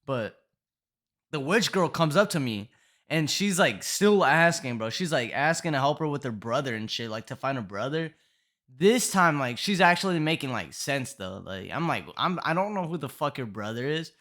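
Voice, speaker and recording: A man's voice: on the high side, lively intonation, moderate pace, a bit bright. Slang-heavy young man rambling a story. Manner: profane slang-heavy rambling with constant fillers. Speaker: vlogger telling a storytime. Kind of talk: casual storytelling.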